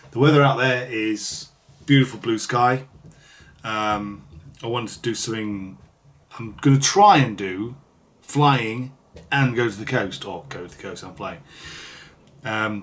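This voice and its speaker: A man with a fairly low voice talks through his video diary at home. He rambles on and pokes fun at himself in an easy, chatty way. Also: a bit bright. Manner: rambling, chatty, self-mocking. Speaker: vlogger.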